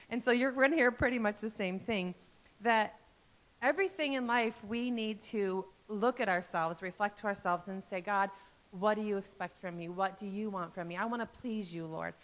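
A woman in her fifties speaks to her church congregation, heartfelt and earnest, and she often pauses on soft fillers. Her voice sits at an ordinary middle pitch. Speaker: pastor's wife speaking at church. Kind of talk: church message. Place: church sanctuary.

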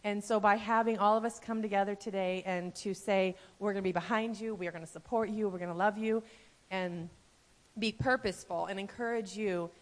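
A woman in her fifties, a pastor's wife, giving a heartfelt, earnest church message with fillers and soft laughs. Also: mid-range voice, fairly even intonation, fairly quick. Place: church sanctuary.

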